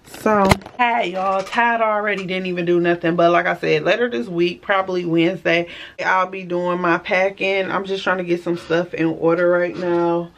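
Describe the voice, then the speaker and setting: A young woman vlogging casually at home, chatting straight to her viewers in a relaxed way. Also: on the low side, a little hiss or hum. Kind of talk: casual vlog chat. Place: home, indoors.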